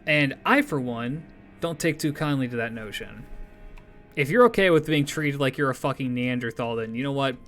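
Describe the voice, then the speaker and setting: A man's voice: medium pitch, normal speed, a bit bright, soft background music. A man streamer talking casually and animatedly to his viewers, swearing freely as he rambles through opinions and sign-offs.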